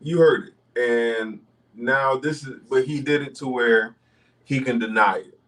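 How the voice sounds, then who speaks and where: A man's voice: medium pitch, a little slow, fairly bright tone, recorded from a distance, low-quality recording. A man joins a casual podcast rant in an ordinary mid-range voice. He speaks emphatically and repeats himself to drive his points home. His voice sounds set back from the microphone. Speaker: podcast co-host.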